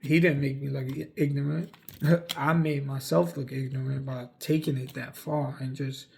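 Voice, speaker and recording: A man's voice: mid-range voice, level tone, normal speed, vocal fry, darkish tone, slight background noise. A young man from the United States telling a story, rambling with lots of fillers and cursing. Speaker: vlogger. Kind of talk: casual storytelling.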